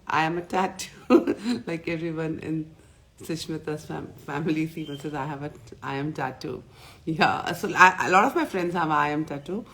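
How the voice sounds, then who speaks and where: Woman, low voice, life coach, live morning session, playful, greets viewers by name. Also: vocal fry.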